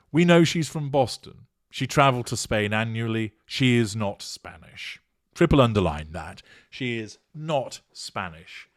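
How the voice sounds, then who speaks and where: Male commentator: low, animated delivery, dry close recording, measured and emphatic. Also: dry recording. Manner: measured, emphatic, formal wording. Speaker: commentator on narcissism. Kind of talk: monologue commentary reading from an article.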